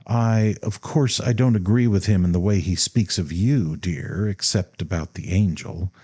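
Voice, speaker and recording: A gentle middle-aged mother who falters and stammers, nervous and pleading, her voice lifted a little above the reader's own deep, mellow tone, as a man reads her part. She keeps circling back and restarting her thoughts. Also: unhurried, slightly rough, dry recording. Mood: timid pleading.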